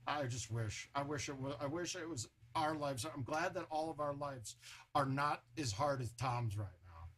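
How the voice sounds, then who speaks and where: A man's voice: medium pitch, animated, normal speed, fairly bright tone, a little hiss or hum. A man chatting casually on a home live stream, loose and talkative, with a sore throat.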